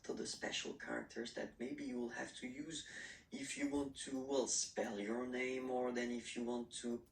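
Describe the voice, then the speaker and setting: A man's voice: mid-range voice, level tone, moderate pace, creaky, a little hiss or hum. A man teaching a beginner French lesson, talking patiently and checking in with "okay?" after nearly every phrase. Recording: roomy echo, mic at a distance.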